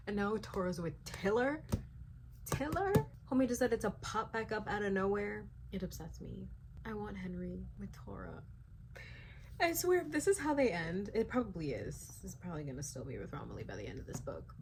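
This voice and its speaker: A young woman vlogging her reactions to a book, animated and ranting, full of "like" fillers and the odd swear. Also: medium pitch, normal speed, noisy background. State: sleepy late at night. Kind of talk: casual reading vlog reactions.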